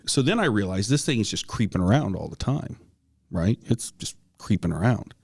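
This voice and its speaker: A man's voice: lowish voice, lively intonation, normal speed, vocal fry, darkish tone, slightly rough. A man co-hosting a podcast, telling a personal ghost story in a casual, earnest way, with many restarts and the odd cough. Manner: coughs now and then. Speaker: podcast co-host.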